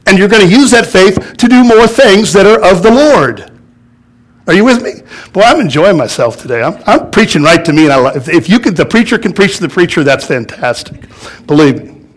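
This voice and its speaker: A man pastor delivering a sermon, animated and storytelling, chuckling as he goes. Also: high voice, fairly quick. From United States. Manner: animated storytelling with laughs and acted-out quotes.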